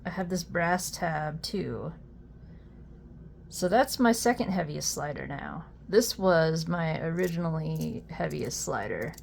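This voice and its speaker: A young adult woman chatting casually while unboxing a fidget toy, easily amused and quick to exclaim. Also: low voice, animated, gravelly, a little hiss or hum.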